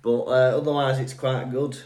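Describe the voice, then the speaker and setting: A man co-hosting a podcast in relaxed, chatty conversation, agreeable and easygoing. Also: mid-range voice, moderate pace. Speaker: podcast co-host. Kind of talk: casual podcast chat.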